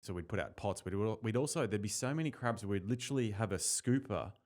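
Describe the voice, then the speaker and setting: A man's voice: on the low side, animated, fast, darkish tone. An Australian man with an Australian accent, hosting a podcast in casual, candid chat and swearing freely. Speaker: podcast host and comedian.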